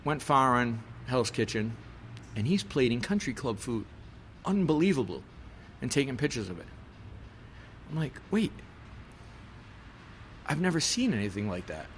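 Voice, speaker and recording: A man, a chef and podcast guest, telling a story in casual chat, animated and swearing, with lots of fillers. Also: medium pitch, normal speed, a little hiss or hum.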